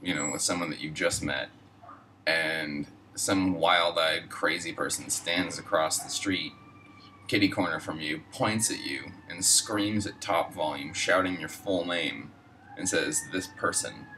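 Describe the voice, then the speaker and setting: A man's voice: low voice, measured pace, sharp tone, recorded from a distance, a little hiss or hum, rough recording. A man casually telling a personal story, rambling and profane, heavy on fillers. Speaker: storyteller host.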